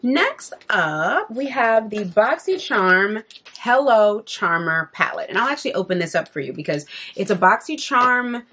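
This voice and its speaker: A young woman chatting her way through a beauty box review, animated and jumping up in pitch to stress things. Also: a little slow, slightly rough. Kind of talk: casual product review.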